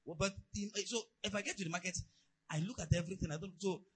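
A man preaching a sermon, telling stories and asides in an animated way. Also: high voice, quick pace, slightly rough, poor audio. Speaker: pastor.

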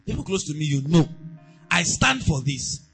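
A man delivers a sermon in a high, bright voice with a slightly husky edge. He swings from hushed asides to loud exhortation, with his pitch leaping all over. Faint music plays behind him. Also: sing-song, moderate pace, rough recording. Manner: emphatic preaching, swinging between quiet asides and loud exhortation. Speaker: pastor.

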